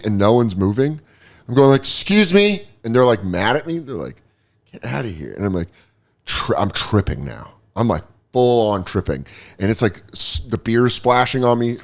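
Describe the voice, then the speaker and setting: A middle-aged man hosting a podcast, telling a story casually, swearing freely and acting out other people in high silly voices. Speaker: podcast host.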